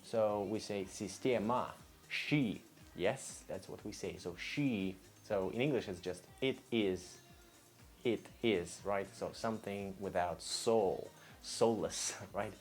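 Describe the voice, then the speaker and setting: A man with a Russian accent teaching vocabulary in a casual lesson, patiently repeating each word several times, with a relaxed manner. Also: fairly low pitch, slow pace, faint music behind. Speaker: language teacher.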